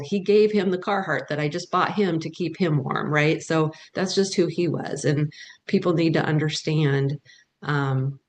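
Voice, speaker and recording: A woman's voice: low-pitched, a little mellow. An earnest woman speaks on a webinar panel over a video call, giving heartfelt testimony. Her delivery is emphatic, and she often circles back to repeat her phrases. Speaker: panelist, bereaved mother and advocate.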